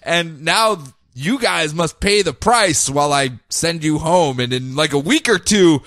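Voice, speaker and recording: A man voicing a menacing male cosmic overlord who makes slow, booming pronouncements. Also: lively intonation, a bit bright, no echo, clean studio sound.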